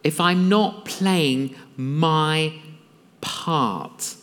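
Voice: mid-range voice, very slow. A preacher, telling a story from the pulpit and acting out the dialogue with laughter. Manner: animated, acts out dialogue with laughter. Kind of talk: storytelling sermon. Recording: long reverb of a large hall.

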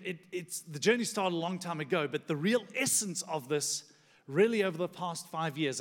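A man preaching a sermon as pastor to a church congregation, moving from a quiet prayer into emphatic preaching. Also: high voice. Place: church sanctuary. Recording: long church hall reverb.

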